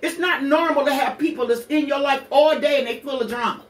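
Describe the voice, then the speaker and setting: A woman's voice: sits high, brisk, recorded from a distance. Sixty-something lady on her radio show, swears a lot, asks the listener questions, roomy sound a bit off mic. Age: 60s. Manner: blunt, profane, preacherly, with rhetorical questions. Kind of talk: candid personal monologue.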